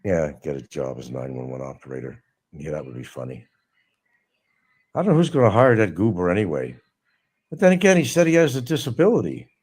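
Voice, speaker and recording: A man's voice: deep voice, huge pitch swings, fairly quick, darkish tone, husky. A middle-aged man hosting a live stream, talking casually and mocking someone with sarcasm. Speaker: livestream host. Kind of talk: casual livestream monologue.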